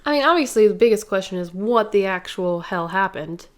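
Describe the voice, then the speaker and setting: Young woman cohost thinking out loud, lots of ums and restarts, casual podcast chat. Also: medium pitch, expressive, brisk. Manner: thoughtful, hesitant, many fillers. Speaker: podcast co-host.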